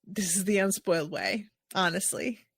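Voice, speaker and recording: A woman from the United States hosting a casual podcast chat, talking in an animated, expressive way with quick asides. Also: medium pitch, gravelly, husky. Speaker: podcast host.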